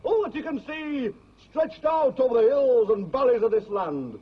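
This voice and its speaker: Picture a blustering, bossy old castle lord scolding his son. His voice sits high and husky, and it swings wildly up and down. The sound is a dull, lo-fi film clip. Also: expressive, moderate pace, heavily acted. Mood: lecturing. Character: blustering older male castle-lord father. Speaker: king in a film comedy.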